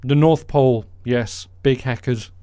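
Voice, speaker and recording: A man's voice: mid-range voice, fairly even intonation, a little slow, mellow, smooth, dry recording. A man hosting a podcast, delivering a sarcastic, mocking political monologue. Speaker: podcast host.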